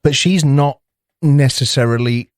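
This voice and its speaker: In a studio-quality recording with no echo, a man of medium pitch speaks a little slowly. He co-hosts a podcast, chatting casually, rambling through anecdotes, cursing freely and doing little voices.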